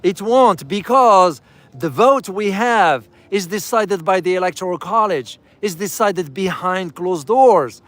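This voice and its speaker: In a dry recording, a man with a high-pitched, animated, fairly bright voice takes an unhurried pace. He gives casual travel commentary while riding through a city, calling his viewers "guys" and repeating key phrases for emphasis.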